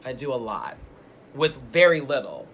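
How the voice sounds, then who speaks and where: A man's voice: medium pitch, huge pitch swings, normal speed, gravelly, a bit bright. Sassy chatty man with faint room hiss. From Houston. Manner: playful, sassy, drifts into put-on accents. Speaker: co-host. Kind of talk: casual chat, reading viewer questions.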